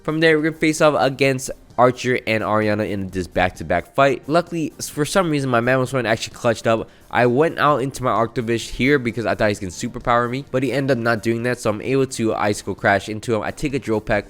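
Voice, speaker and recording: A man's voice: medium pitch, quick pace, hardly any pauses, a bit bright, faint music behind. A man giving a casual recap of a video game run, chatty and self-mocking as he rattles through each battle move. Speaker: gaming channel host. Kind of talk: casual gameplay recap commentary.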